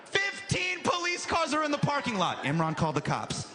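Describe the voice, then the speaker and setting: A man doing animated stand-up storytelling on a live stage, acting out the people in his story. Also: very high-pitched, normal speed, music in the background. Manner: animated, acts out characters. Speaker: stand-up comedian. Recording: loud live crowd and noise.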